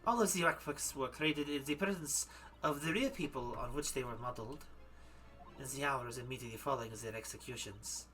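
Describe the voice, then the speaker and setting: A man voicing a young female French waxwork artisan in a mock accent that drifts toward German, formal and measured, reading game dialogue aloud with a bright, forceful tone. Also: on the high side, lively intonation, faint music behind. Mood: ominous. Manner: formal, measured, stumbling over French words.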